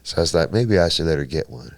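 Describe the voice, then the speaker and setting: A man's voice: extremely low pitch, expressive, fast, no room sound. A man from Kentucky and South Texas hosting a podcast, swearing freely and laughing through a story. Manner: laughing, profane storyteller who acts out voices. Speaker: podcast host. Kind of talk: casual storytelling chat.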